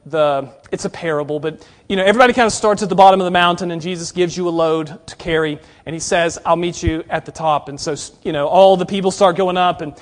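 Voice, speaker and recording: Guy preaching to bible college kids, pretty high voice, chatty but earnest, goes loud then real quiet. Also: quick pace. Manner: conversational, earnest, swings between emphatic and hushed; direct address to students. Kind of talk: sermon.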